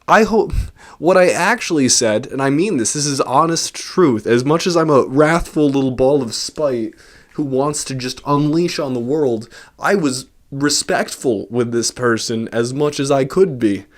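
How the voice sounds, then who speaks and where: A man's voice: medium pitch, normal speed. A man ranting casually in his own vlog, rambling and self-mocking with a sarcastic edge, into a large studio microphone. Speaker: vlogger.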